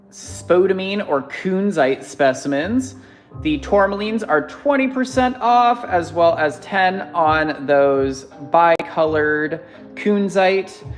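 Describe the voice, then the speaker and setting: A live-stream crystal seller chatting casually through a sales show, gushing and jokey, reading comments aloud and greeting viewers by name. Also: medium pitch.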